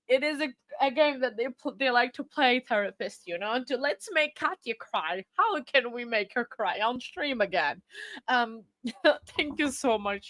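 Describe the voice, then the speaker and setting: A chatty woman hosts a live stream, speaking in a fairly high voice. She rambles, restarts her sentences and gushes thanks to her viewers. The sound is close and dry, with no room around it. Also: a bit bright, dry recording. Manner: effusive, thanks viewers often. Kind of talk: casual live-stream chat.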